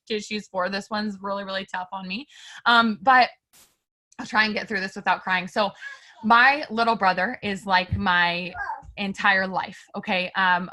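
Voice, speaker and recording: A woman guest on an interview, telling a personal story in a candid, animated way and talking straight to her listeners. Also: mid-range voice. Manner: animated and emphatic, filler-heavy; candid, addresses listeners directly.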